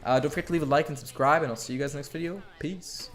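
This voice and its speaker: A man's voice: a little high, quick pace. A young man telling a story in a casual vlog, candid and rambling, with lots of swearing and filler words. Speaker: vlogger.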